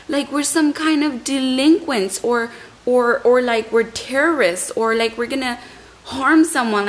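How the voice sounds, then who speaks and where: A young woman vlogger with a fairly high voice, heard on a rough recording, is still shaken up. In an emotional storytime vlog, she rambles through a long story and keeps repeating her words.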